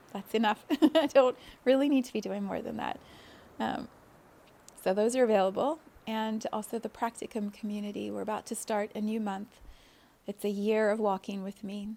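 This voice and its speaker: A woman hosting a spiritual podcast, talking in a gentle, flowing way and laughing often. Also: mid-range voice, creaky. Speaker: podcast host, spiritual guide.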